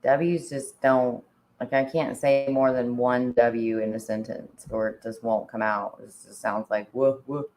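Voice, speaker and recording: Casual female co-host with a very low voice; chatty, giggly, rambling. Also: little pitch movement, unhurried, darkish tone, poor audio. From Indiana. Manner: chatty, laughs often, says "like" a lot. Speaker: podcast co-host. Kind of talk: casual chat.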